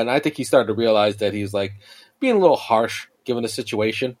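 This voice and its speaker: A man's voice: medium pitch, fairly quick, darkish tone. A man in his thirties, a podcast co-host, casually telling a long story, rambling and swearing freely with many restarts. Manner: rambling and profane, with frequent restarts and fillers.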